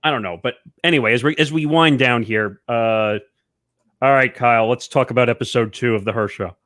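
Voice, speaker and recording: A man's voice: medium pitch, a little fast, a bit bright, no echo. A man hosting a casual show chat, steering topics with joking asides. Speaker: host.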